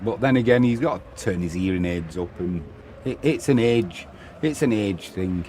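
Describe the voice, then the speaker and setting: A man's voice: lowish voice, lively intonation, normal speed, dark tone, slight background noise. A man hosting live football commentary, chatting and reading out viewer comments between plays. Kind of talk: live watch-along commentary.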